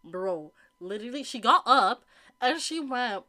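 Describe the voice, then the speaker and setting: In casual chat, a young woman tells a wild story, acting out what everyone said and laughing often. Her voice runs on the high side and she doesn't hurry.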